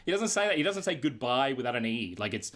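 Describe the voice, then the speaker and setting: A man's voice: mid-range voice, very animated, fast, a bit bright. A man in casual chat with friends, incredulous and emphatic, swearing often. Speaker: co-host friend.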